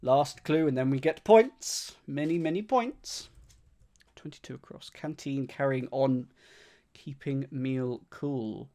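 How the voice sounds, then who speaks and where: A man's voice: mid-range voice, slow pace, mellow. A man streaming himself solving a crossword, thinking aloud, repeating clues under his breath and thanking viewers by name.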